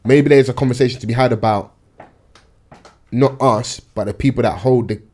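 A young man with a London accent speaks in a mid-pitched voice. He co-hosts a casual podcast and talks a lot, both playfully and at length. He explains his points in easy, conversational chat. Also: normal speed, a little mellow. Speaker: podcast co-host.

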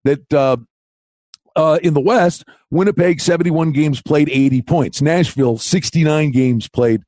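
Animated man on a dry close mic. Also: a little high, no echo. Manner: animated, talks over his partner, quick bursts. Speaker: podcast co-host. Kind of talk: casual sports betting chat.

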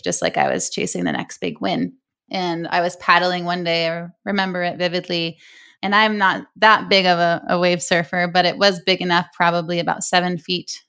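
Young adult woman, earnest guest, flat even delivery, gravelly. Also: fairly low pitch. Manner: earnest, heartfelt storytelling. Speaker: guest, breathwork coach. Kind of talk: interview storytelling.

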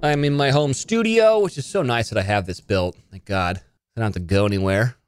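A man in his thirties hosting a solo podcast from his home studio, animated and self-mocking. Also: on the low side, a little fast, clean tone, no echo. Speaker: podcast host. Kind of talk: casual solo podcast chat.

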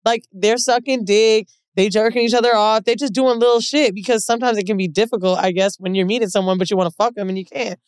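A woman's voice: mid-range voice, steady tone, quick pace, few pauses, smooth, dry recording. A woman on a podcast, chatting frankly and expressively. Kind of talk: casual chat.

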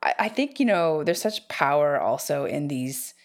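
A woman with a very low voice speaks as a host. She responds to her guest's story with thoughtful, reflective remarks. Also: animated, normal speed. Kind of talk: reflective conversation.

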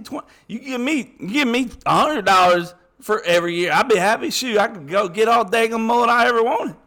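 A man's voice: high voice, a bit bright. A man playing a brash, foul-mouthed cousin with a Southern Alabama accent who curses and stumbles over his words. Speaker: podcast guest character. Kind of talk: comedic improvised character bit.

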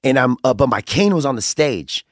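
A man on a podcast as a guest, telling stories in a rambling, animated way with lots of restarts. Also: medium pitch, moderate pace, dry recording, clean studio sound. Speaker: guest, singer. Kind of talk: casual podcast chat.

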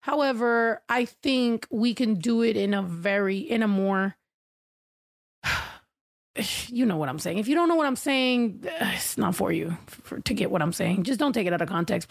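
A woman's voice: medium pitch, moderate pace, gravelly, no echo. A woman in her thirties co-hosting a casual podcast, rambling and profane, with lots of fillers. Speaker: podcast co-host.

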